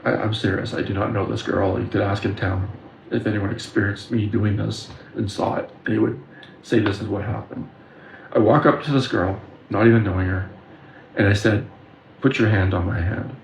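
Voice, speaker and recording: A lowish, gravelly male voice that holds a steady tone. The speaker, a video creator from the Windsor, Ontario and Detroit region, recounts his spiritual experiences as personal stories, earnest and intense, pausing with fillers along the way. Faint noise sits behind him in an echoey room.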